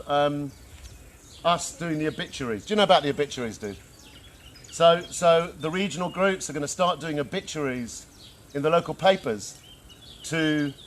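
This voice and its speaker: A man giving an informal talk to a group, animated and slangy, often calling people man and dude. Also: medium pitch, a little hiss or hum. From England. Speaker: workshop speaker. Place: outdoor gathering in the countryside.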